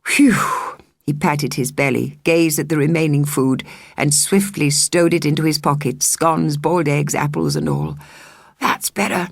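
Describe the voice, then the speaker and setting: A woman narrating a children's novel as an audiobook reader, in measured, expressive storytelling. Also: sits low, vocal fry, no echo, clean studio sound.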